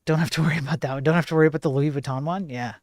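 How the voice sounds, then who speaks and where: A man's voice: on the high side, fairly even intonation, racing, dry recording, studio quality. A man hosting a casual live-streamed tech news show, rambling and chatty with lots of fillers and jokey asides to his chat.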